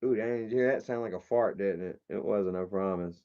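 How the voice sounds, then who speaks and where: A man's voice: lowish voice, brisk, smooth, muffled recording. A man in a casual live stream, rambling, joking and swearing as he opens fan mail. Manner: rambling, profane and jokey.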